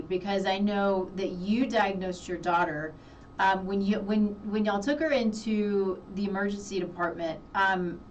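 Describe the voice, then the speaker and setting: A woman interviewer asks questions with curiosity and encouragement, speaking slowly and without rush. Her voice sounds distant from the mic, and faint noise sits under it. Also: medium pitch.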